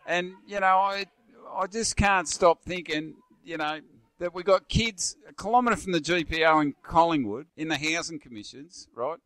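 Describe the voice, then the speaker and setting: A forceful Australian man in his fifties rants and rambles in a pub chat, repeating himself and throwing "mate" at the end of his lines. His voice sits high for a man and sounds smooth and resonant. It is recorded close and dry, with no room around it. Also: normal speed, no room sound. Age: 50s. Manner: forceful ranting, rambling, repeats words, calls everyone mate. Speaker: guest. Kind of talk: blunt opinionated pub chat.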